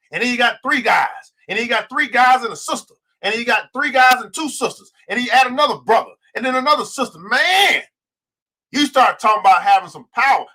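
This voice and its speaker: Man, high voice, bright and forceful, livestream host, fired-up preacher-like delivery, greets viewers by name. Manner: fired-up preacher-like delivery, stretching key words; talks straight to viewers, greeting them by name. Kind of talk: livestream finance show.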